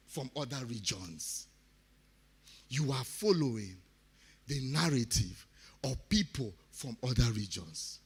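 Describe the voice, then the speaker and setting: A man from Delta State with a Nigerian accent, giving an impassioned speech at a summit, repeating phrases and swinging from quiet to loud. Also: on the high side, very animated, unhurried, slightly rough. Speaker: summit speaker. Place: conference hall.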